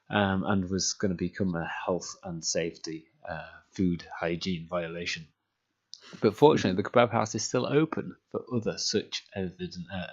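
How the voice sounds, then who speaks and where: A man running a tabletop game, recapping in a chatty way with many ums and dry jokes. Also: sits low. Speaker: game master. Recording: dull lo-fi audio.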